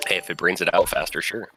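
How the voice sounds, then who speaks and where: A man with a very low voice and a bright, forceful tone commentates a live game tournament. He talks casually and explains the game's logic step by step. Faint music plays behind him. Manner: explains game logic to chat, thinks aloud.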